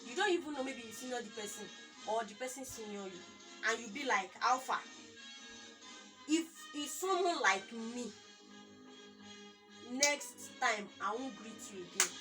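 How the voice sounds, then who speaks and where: A young Nigerian woman speaks in a high voice with a Nigerian accent, telling a story in a casual chat and acting out the people in it. She sits away from the mic, and music plays clearly behind her. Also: lively intonation, normal speed, distant mic. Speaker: co-host.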